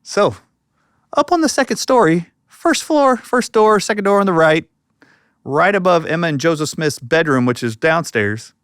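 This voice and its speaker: Middle-aged man, interview guest, animated storyteller who voices the people he quotes, close dry mic. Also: fairly high pitch, moderate pace, smooth, dry recording. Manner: acts out quoted voices while telling a story.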